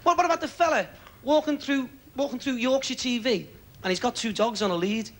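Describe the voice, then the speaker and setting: A man with a Liverpool accent doing stand-up comedy on a TV stage, with quick patter and stammering repeats. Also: very high-pitched. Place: TV studio stage.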